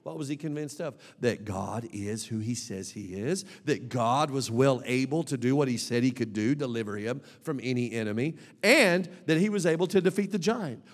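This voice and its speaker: A man preaching an emphatic, animated sermon as a pastor, with bursts of shouting. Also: medium pitch. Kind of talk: lively sermon. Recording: long reverb of a large hall.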